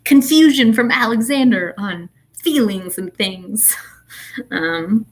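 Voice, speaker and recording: A woman's voice: a little high, slow pace. A woman in her thirties, an author chatting casually with her readers, telling a story animatedly with fillers and laughs. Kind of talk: casual ranting chat.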